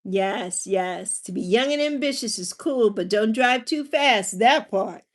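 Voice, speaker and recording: A woman's voice: medium pitch, animated, unhurried. A woman in her forties hosting a casual livestream, chatting with viewers and telling family stories. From Virgin Islands. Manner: chatty, warm with viewers, drifting into personal stories. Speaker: livestream host. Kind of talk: casual livestream chat, reading viewer comments.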